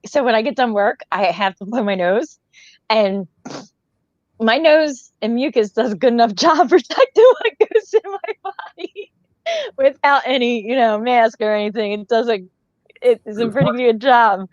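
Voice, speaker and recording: A woman's voice: fairly high pitch, lively intonation, moderate pace, dry recording. Chatty woman, dull dry lo-fi sound. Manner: chatty, coughs and laughs. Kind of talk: casual chat.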